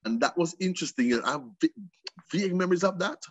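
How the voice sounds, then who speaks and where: Animated husky Jamaican man. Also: high-pitched, fast, no echo, dull audio. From England, raised in Jamaica from age seven. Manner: animated storyteller, laughs often, mimics voices. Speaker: guest. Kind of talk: casual interview chat in Jamaican Patois.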